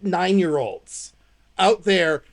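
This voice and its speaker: An American woman co-hosting a podcast, telling a story in casual chat with animated delivery and playful sound effects. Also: lowish voice, very slow. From United States. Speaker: podcast co-host.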